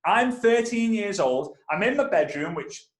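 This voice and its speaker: Animated trainer with a high voice. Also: male voice, measured pace, echoey room. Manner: animated, addresses listeners directly. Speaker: network marketing trainer. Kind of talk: energetic storytelling talk.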